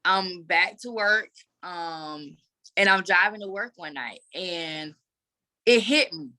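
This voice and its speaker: A woman guest telling a candid personal story in an earnest, animated way. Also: fairly low pitch, takes it slowly. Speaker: guest advocate.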